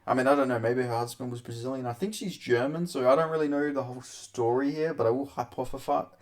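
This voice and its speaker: A man's voice: mid-range voice, fast. A young man hosting a casual commentary vlog, talking crudely with lots of swearing, rambling and often laughing. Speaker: MMA commentary host.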